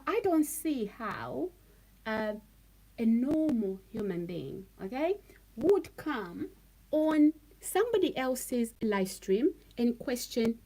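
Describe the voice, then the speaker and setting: On a low-quality recording, a live-streaming woman with a fairly high and a little mellow voice speaks to her viewers. Emphatic and repetitive, she keeps returning to the same phrases and punctuates them with "okay?".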